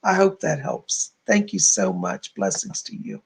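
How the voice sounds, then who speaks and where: A man hosting a live stream, softly relaying spirit messages and thanking donors as a psychic medium. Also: medium pitch, sing-song, unhurried, gravelly, slightly rough.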